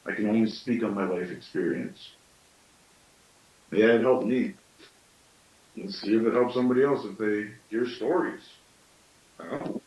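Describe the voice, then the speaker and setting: A man's voice: on the low side, moderate pace, pauses often, darkish tone, reverberant, recorded from a distance, low-quality recording. A man in his late thirties giving a thoughtful storytelling talk, often asking himself questions aloud. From Canada. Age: late 30s. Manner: thoughtful, with self-questioning asides. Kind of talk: reflective teaching talk.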